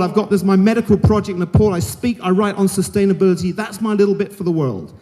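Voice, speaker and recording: A man's voice: high voice, fast, dark tone. A middle-aged man giving a frank, emphatic keynote speech to a conference audience, joking and speaking bluntly to them. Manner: frank, jokey and emphatic, talks straight to the audience. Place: large conference hall. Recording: hall reverb.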